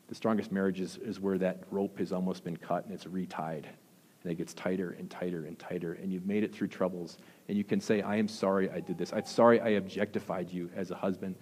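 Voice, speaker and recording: A man preaching a sermon as pastor, earnest, with emphatic rises and soft, intense drops. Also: low voice. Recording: long hall reverb.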